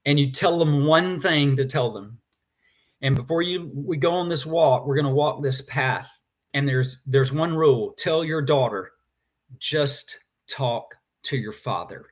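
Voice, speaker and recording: A man's voice: a little high, normal speed. A man, a guest in a conversation, telling a personal story with feeling and animation.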